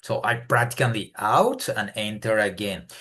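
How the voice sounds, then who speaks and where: A man's voice: fairly low pitch, expressive, normal speed, pushed and bright. A man from Colombia with a Colombian accent, a Spanish-speaking English learner talking off the cuff and searching for words. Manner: hesitant, searching for words in a second language. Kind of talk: unscripted speaking practice.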